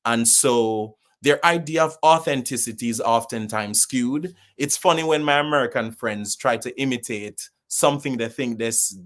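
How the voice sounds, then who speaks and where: A man's voice: mid-range voice, normal speed, few pauses, a bit bright. Opinionated Jamaican man. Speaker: podcast guest. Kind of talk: casual interview conversation.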